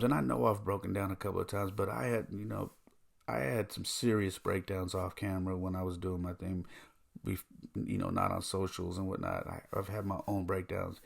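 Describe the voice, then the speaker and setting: A man with a husky, rough-edged voice speaks as a podcast host. He tells a personal story in an earnest, heartfelt way, thinking aloud as he goes. His voice sits fairly low. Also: fairly even intonation, moderate pace.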